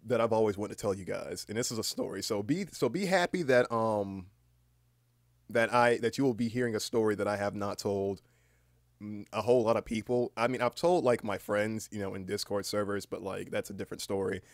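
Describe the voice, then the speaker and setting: A man's voice: on the low side, a little fast, no echo, clean studio sound. Groggy, rambling man with a cracking voice. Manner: rambling, many fillers and restarts, swears casually. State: just woken up, voice cracking. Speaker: livestreamer. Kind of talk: casual stream chat.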